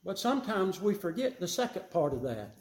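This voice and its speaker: A man preaching a sermon, emphatic and repeating his key phrases, rising louder on his main points. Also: high-pitched, sing-song, a little fast, reverberant.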